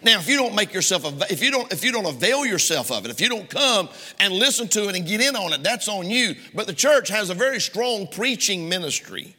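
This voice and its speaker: Pastor guy preaching hard, high bright voice, big church echo. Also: big pitch swings, a little fast, few pauses. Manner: emphatic, repetitive preaching cadence. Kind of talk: sermon. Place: church sanctuary. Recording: long hall reverb in a church.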